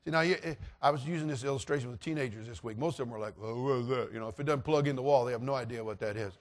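A middle-aged man preaching, telling a story and acting out voices with animated delivery. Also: mid-range voice, rapid-fire. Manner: animated, acts out voices in anecdotes. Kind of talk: sermon storytelling.

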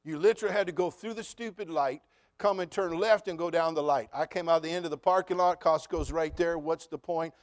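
Speaking briskly in a slightly high voice, a middle-aged man delivers a sermon as pastor. He asks his congregation questions directly, shares stories, and rises into emphatic, repeated lines.

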